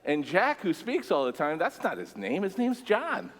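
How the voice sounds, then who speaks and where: A man preaching a sermon as a church pastor, relaxed and conversational with jokes. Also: high-pitched, normal speed. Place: church sanctuary stage. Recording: long church-hall reverb.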